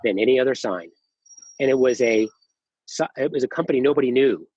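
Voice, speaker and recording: A man's voice: mid-range voice, fairly quick, breathy edge, no echo. Middle-aged guy founder rambling thru his story, dry dull mic, lots of uh and restarts. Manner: animated storyteller, acts out quoted dialogue, many fillers and restarts. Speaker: company founder, podcast guest. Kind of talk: casual storytelling interview.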